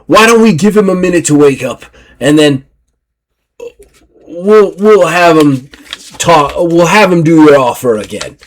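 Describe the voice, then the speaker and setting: A man voicing a jovial pirate smooth talker in a tabletop game, brisk and eager. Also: on the high side, animated. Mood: placating.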